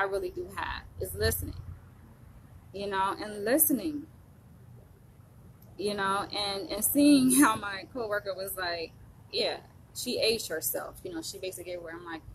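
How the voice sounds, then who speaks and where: A woman in her thirties from the United States, talking to camera in a rambling, animated vlog monologue with frequent laughs. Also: mid-range voice, a little fast, a little hiss or hum, rough recording. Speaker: vlogger.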